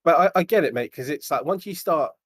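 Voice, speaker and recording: A British man hosting a casual podcast, talking in an excited, chatty way and laughing easily. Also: on the high side, fast, dry recording.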